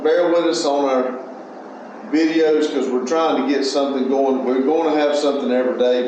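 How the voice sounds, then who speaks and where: A man's voice: medium pitch, darkish tone, very echoey. A man talks casually in a garage shop, rambling along and restarting his sentences as he goes. The sound bounces hard around a bare room and comes through dull and lo-fi, with a faint hum of ambience behind him. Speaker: channel host. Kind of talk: casual chat.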